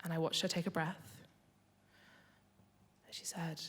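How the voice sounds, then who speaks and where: A woman's voice: deep voice, flat delivery, measured pace, a bit bright. A young woman telling a comic, confessional story onstage at a live storytelling event. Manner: comic, confessional, builds to punchlines.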